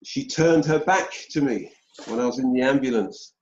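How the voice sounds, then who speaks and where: A British man telling a personal story as an interview guest, slow and deliberate with pauses. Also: mid-range voice, a little mellow. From United Kingdom. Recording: dull roomy sound.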